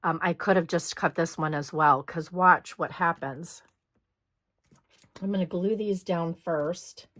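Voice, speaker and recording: Hoarse-voiced woman chatting through a craft tutorial. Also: lowish voice, steady tone, measured pace, fairly bright tone, no room sound. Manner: chatty, talks while working, frequent throat clearing. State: slightly hoarse. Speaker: scrapbooking host.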